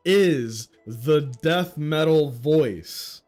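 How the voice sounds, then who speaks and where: A man's voice: fairly high pitch, animated, a little slow, a little mellow, soft background music. A man livestreaming a story game, chatting casually in laid-back slang and laughing easily. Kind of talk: casual game stream reaction.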